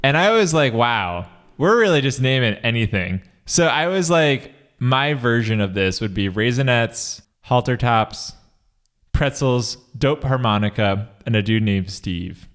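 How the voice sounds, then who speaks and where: A man co-hosting a podcast in casual chat, joking with animated quips. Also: medium pitch, measured pace. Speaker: podcast co-host.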